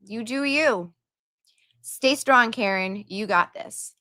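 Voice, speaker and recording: A woman's voice: fairly high pitch, slow, bright, forceful tone, no room sound, studio quality. A woman hosting a livestream, chatting casually and reading viewer donations and messages aloud with her own asides.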